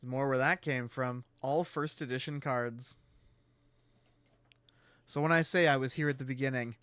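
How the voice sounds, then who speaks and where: A man's voice: medium pitch, fairly even intonation, normal speed, long pauses, fairly bright tone, clean tone, no echo. A man hosting a stream, rambling casually and laughing often. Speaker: streamer host. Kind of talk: casual chat.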